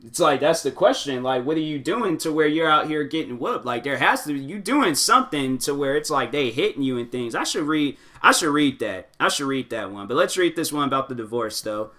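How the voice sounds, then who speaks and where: A young man with a bright, forward voice talks loosely and casually, packed with slang and filler words. He drifts from thought to thought as he reacts to advice posts, like a relaxed talk-show host. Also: a little high, a little fast, hardly any pauses. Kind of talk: casual chat.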